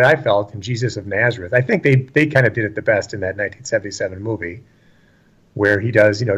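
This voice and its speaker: A man's voice: medium pitch, lo-fi sound. A man talking about scripture in a casual but preachy discussion, emphatic and repeating phrases for stress. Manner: emphatic, repeats lines for stress, acts out quotes.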